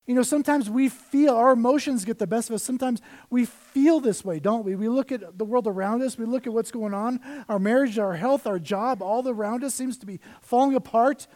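A middle-aged man preaching a sermon as pastor, swinging between hushed asides and loud, emphatic scripture reading. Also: extremely high pitch, fairly quick, hardly any pauses.

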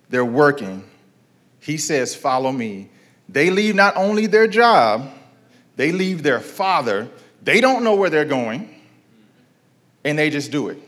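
A man's voice: on the high side, fairly bright tone. Man preaching in conversational call-and-response. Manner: conversational preaching with rhetorical questions and repetition. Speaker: pastor. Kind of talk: sermon.

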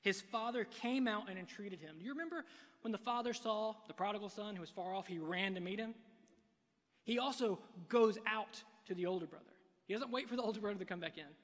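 A man preaching a sermon from a church pulpit, swinging between hushed and loud delivery. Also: high voice, fairly quick. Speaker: pastor. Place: church sanctuary. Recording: long reverb of a large hall.

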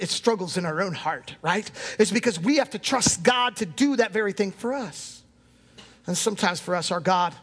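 A man in his thirties delivers a passionate sermon, his voice sitting unusually high. He rises to shouts at times and slips into the voices of the people in his stories. The sound carries the long reverb of a big hall. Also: husky. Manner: impassioned preaching, acts out quoted voices. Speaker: pastor.

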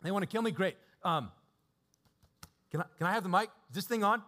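A man voicing a steady, unflappable apostle who talks breezily while a mob rages outside, in a preaching story. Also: high voice, brisk, voice pushed up. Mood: breezy. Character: calm, steady male apostle facing a mob.

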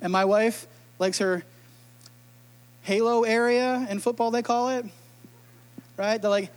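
Playful middle-aged pastor, very high voice, storytelling sermon. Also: male voice, fairly even intonation, normal speed, clear, resonant tone.

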